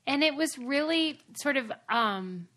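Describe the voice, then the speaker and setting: A woman co-hosting a podcast in a casual chat, animated, quick to laugh and easily annoyed. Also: high voice. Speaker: podcast co-host.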